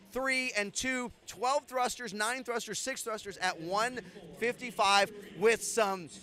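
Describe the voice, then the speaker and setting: A man's voice: extremely high pitch, sharp tone. A man commentating a live fitness competition, chatty and rambling, slipping into stories with many restarts. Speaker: event commentator.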